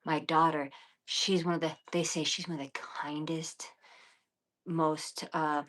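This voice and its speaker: Low-voiced, blunt, profane woman streamer. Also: level tone, unhurried, fairly bright tone. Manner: blunt, profane and defiant, talking to viewers; drops often to whispers and mutters. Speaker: livestream host. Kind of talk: casual late-night livestream chat.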